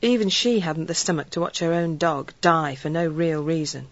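A woman narrating a story in an earnest, measured storytelling way. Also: low voice, no room sound, dull audio. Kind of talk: audiobook narration.

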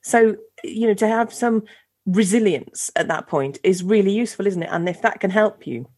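A woman's voice: medium pitch, normal speed, a little mellow, slightly rough. A woman podcast host, enthusiastic and affirming toward her guest. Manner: enthusiastic, affirming, laughs easily. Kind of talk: podcast interview conversation.

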